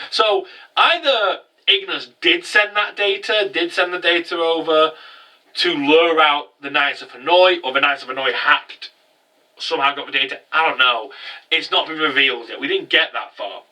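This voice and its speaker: A man recaps an anime episode in a loose, rambling vlog style, his voice climbing into loud, incredulous outbursts. His tone is very bright and edgy. He sounds a little distant from the microphone. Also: on the high side, normal speed. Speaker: anime reviewer.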